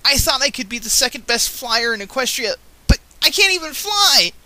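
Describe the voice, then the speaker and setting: A man voicing a tearful young filly pony in a high, breaking, pleading voice. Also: very animated, moderate pace, bright, forceful tone, no echo, heavily acted. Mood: desperate.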